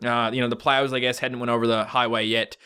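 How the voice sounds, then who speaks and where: Bright, clear-voiced Canadian guy. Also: mid-range voice, little pitch movement, fast. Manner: chatty, joking, rambling asides. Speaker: YouTuber. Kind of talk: casual vlog reading tweets.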